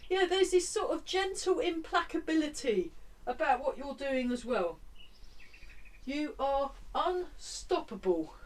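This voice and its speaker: A fairly high-voiced woman leads a tai chi class in a relaxed, chatty way, counting the steps out loud. She sits a little back from the microphone, so her voice sounds slightly distant. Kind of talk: guiding a movement class.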